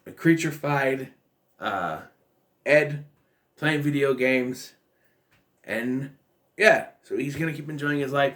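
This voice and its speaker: Male film vlogger, easygoing rambling recap, mid-pitched, talks loosely with fillers. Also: fairly bright tone. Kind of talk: casual spoken movie recap.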